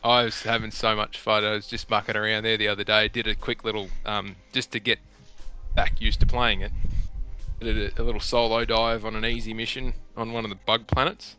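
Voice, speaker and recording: A middle-aged man, hosting a casual gaming podcast and rambling through animated stories. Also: on the low side, brisk, faint music behind. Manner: rambling, animated storytelling with restarts. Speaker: podcast host. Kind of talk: casual chat. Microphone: headset.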